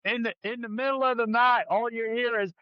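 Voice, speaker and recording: A man's voice: extremely high pitch, steady tone, fairly quick, smooth, dry recording, highs cut off. A man hosting a comedy podcast, riffing through absurd improvised jokes. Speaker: podcast host. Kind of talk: casual comedic chat.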